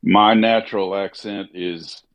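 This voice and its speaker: A man from Missouri with a slightly Southern accent, an actor and voiceover artist chatting casually, relaxed and musing with lots of fillers. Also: sits low, a little slow. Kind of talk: casual chat during a gaming stream.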